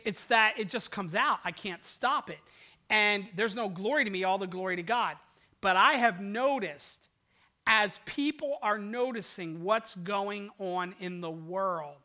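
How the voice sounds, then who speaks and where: An older man, a pastor, preaching a sermon and telling stories, swinging between loud outbursts and hushed, quiet passages. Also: high voice.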